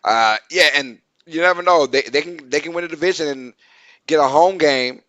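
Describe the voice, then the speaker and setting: Excitable bright-voiced man hosting sports talk. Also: fairly high pitch, moderate pace, dry recording, dull audio. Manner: excitable, repeats words for emphasis. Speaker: sports talk show host. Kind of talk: casual live-stream sports chat.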